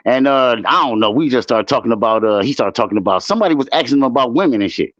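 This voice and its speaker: A man's voice: medium pitch, animated, fast talker, fairly bright tone, no echo, dull audio. A man telling loose, profane stories in casual livestream chat. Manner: loose, profane, rambling storytelling. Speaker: guest on a livestream show.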